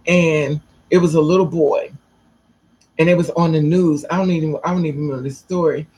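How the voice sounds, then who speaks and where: A woman telling a personal story to camera in a blunt, profane, animated way. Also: low-pitched, fairly quick, husky, poor audio. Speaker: vlogger.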